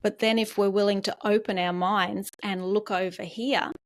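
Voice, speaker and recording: A woman hosting a podcast, thinking out loud in a reflective way and softly affirming her guest. The recording is dry and close, with no room sound around her voice. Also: medium pitch, fairly even intonation, normal speed, dry recording. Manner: reflective, thoughtful, with soft affirming murmurs. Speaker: podcast host. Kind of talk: podcast interview conversation.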